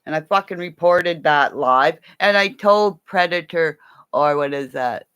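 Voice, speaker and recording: A woman's voice: low-pitched, unhurried, fairly bright tone, smooth. A woman from Canada ranting angrily to camera in a profane, rambling monologue. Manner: profane and angry; rambling, jumps between topics. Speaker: vlogger.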